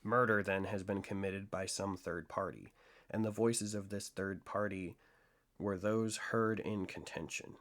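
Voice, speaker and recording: A man voicing a coolly analytical gentleman detective, laying out his deductions in a measured, lecturing way in an audiobook reading. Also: sits low, fairly even intonation. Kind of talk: audiobook reading of classic fiction.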